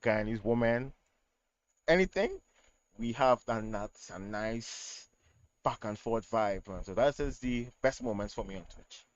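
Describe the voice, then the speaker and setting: A man's voice: mid-range voice, expressive, measured pace. Trinidadian man on a muffled call. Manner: hesitant, repeats words while searching for them. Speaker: guest DJ. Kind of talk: casual interview over call. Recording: dull, muffled call audio.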